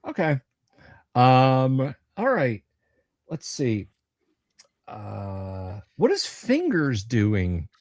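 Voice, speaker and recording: A man runs a tabletop game on a livestream, laying out the scene slowly and with plenty of pauses and fillers. His voice sits mid-range and sounds close and dry, with no room around it. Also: mid-range voice, huge pitch swings, darkish tone, dry recording. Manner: halting, many ums, deliberate descriptions. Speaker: dungeon master.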